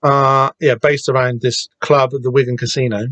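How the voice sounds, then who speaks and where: Man, podcast host, mid-pitched voice, stop-start rambling, swears casually, dry close sound. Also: level tone, moderate pace, a bit bright, dry recording. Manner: hesitant, lots of restarts and casual swearing. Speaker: podcast host discussing a comic.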